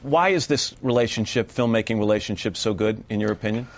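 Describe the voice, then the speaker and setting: A man hosting a TV morning show, interviewing a guest with quick, articulate questions. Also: lowish voice, lo-fi sound. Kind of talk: broadcast interview.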